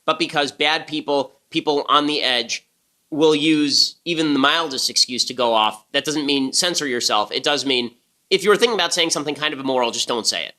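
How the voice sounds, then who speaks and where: A man talking at a rapid clip with a bright, sharp tone, like a host firing off opinions on his podcast. His delivery is punchy and sarcastic. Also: fairly high pitch. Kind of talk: political commentary.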